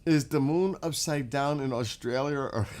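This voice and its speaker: A man hosting a casual livestream, chatting with viewers by name and getting excited as he asks them questions. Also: medium pitch. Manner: chatty, talks to chat by name, gets excited and laughs. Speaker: livestream host.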